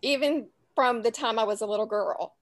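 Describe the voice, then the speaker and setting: Chatty Southern woman, higher voice. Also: moderate pace. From Louisiana. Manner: chatty, rambling, laughs easily. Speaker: guest author. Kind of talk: casual interview chat.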